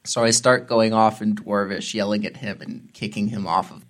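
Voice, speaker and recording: A man's voice: on the low side, steady tone, moderate pace. A man playing a tabletop game, talking casually about his character's moves. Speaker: player.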